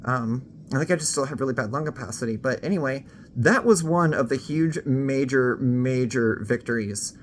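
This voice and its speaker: A woman's voice: extremely low pitch, moderate pace, a little hiss or hum. A woman talking casually to camera for her vlog, frank and candid, swearing freely and a little out of breath. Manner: slightly out of breath. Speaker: vlogger.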